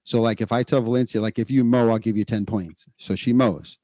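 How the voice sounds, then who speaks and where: A man hosting a podcast, explaining child behavior training in a casual, animated way and acting out what parents and kids say. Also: on the low side, a little fast, no echo, clean studio sound. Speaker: podcast host, clinician.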